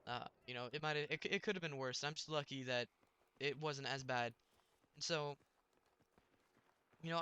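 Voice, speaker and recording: A man's voice: on the high side, bright, forceful tone, slight background noise. A young man telling a rambling story while commenting on his gameplay, with many restarts.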